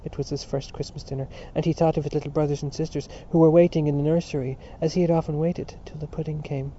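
Man reading a novel in a flat, dark voice. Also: on the high side. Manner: measured, even storytelling. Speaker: narrator. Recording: dull lo-fi audiobook recording with faint hiss.

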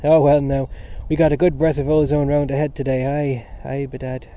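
A man's voice: mid-range voice, normal speed, a little hiss or hum, natural voice. A man voicing a jovial, bantering middle-aged Irish father in a storybook reading, on a dull lo-fi recording. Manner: loud, bantering, lively.

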